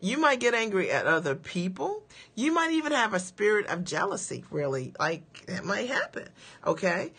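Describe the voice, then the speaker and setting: A woman's voice: medium pitch, sing-song, a bit bright, slightly rough. A woman business coach giving an emphatic motivational talk on a livestream, firing off rhetorical questions and checking in with her audience after each point. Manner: asks rapid rhetorical questions.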